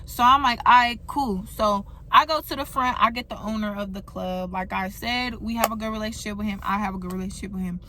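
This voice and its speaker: A young woman telling a storytime vlog, animated and profane, talking straight to her viewers. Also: mid-range voice, fairly quick, few pauses, slight background noise. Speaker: vlogger. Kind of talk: storytime monologue.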